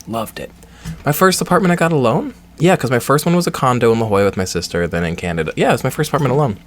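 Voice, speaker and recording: A man's voice: medium pitch, a little hiss or hum. A young man doing a game playthrough with playful, joking asides, reading the dialogue aloud. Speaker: game streamer. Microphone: headset or desk mic with face cam.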